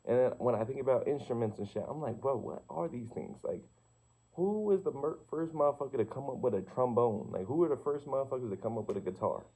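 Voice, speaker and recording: Young man with a mellow, muffled voice. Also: medium pitch, animated, fast, breathy edge. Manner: slangy and profane, asks rhetorical questions, repeats "you feel me". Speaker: vlogger. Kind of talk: casual rambling monologue. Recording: slightly muffled lo-fi recording.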